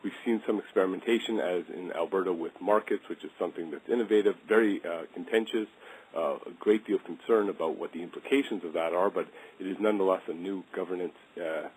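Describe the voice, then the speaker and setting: A man presenting slides in a policy webinar, relaxed and informal, with many fillers and hesitations. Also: deep voice, fast talker, slight background noise, low-quality recording. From British Columbia, Canada.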